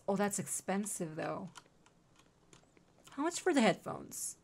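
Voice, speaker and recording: Young female game streamer, chatty, coos at pets, animated, unhurried delivery. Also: medium pitch, creaky. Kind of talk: casual gameplay commentary.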